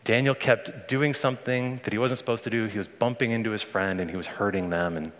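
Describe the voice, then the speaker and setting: Guy pastor preaching, earnest and chatty, lowish voice, big church reverb. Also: brisk, a bit bright. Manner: conversational, earnest, speaks to the congregation directly. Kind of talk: sermon. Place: church sanctuary. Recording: long reverb of a large hall.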